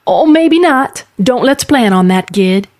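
A woman's voice: a little high, lively intonation, measured pace, a little mellow, no room sound, voice pushed up. A woman voicing an anxious witch mother who speaks tartly and dryly. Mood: urgent. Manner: tart, dry remarks.

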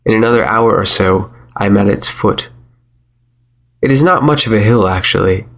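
A man narrating a first-person story in a measured, wry manner. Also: lowish voice, a bit bright.

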